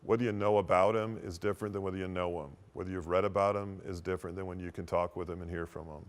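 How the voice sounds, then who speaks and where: A man hosting a devotional program, giving an earnest teaching talk that swings between emphatic and hushed. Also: low voice, fairly even intonation, fast. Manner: earnest and explanatory.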